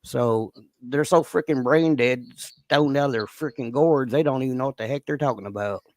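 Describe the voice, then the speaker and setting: A man's voice: mid-range voice, moderate pace, darkish tone, no echo. A man ranting in casual commentary, indignant and exasperated.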